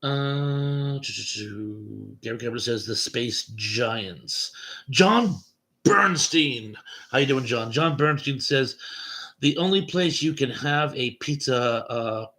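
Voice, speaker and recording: A man's voice: medium pitch, slow pace, sharp tone. A man hosting a late-night livestream chat, reading viewer comments aloud and chuckling at them between replies.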